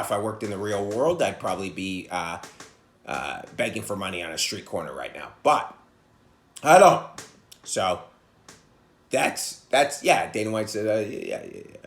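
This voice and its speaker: A man who is a comedian hosting his own podcast, ranting bluntly and profanely, jumping from loud outbursts to low mutters. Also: vocal fry. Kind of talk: casual monologue rant. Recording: echoey room sound.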